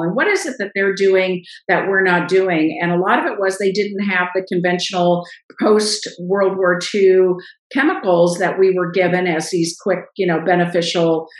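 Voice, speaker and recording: A middle-aged woman, a guest in a casual interview, telling stories lively and acting out what others said. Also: medium pitch, roomy sound, poor audio. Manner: animated storyteller, acts out quoted voices.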